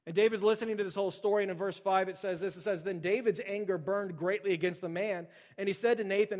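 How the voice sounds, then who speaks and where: A man preaching a sermon in a conversational way, often saying "like" and "right", and growing forceful when he quotes scripture. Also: high voice, fairly even intonation, quick pace, hardly any pauses. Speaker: pastor.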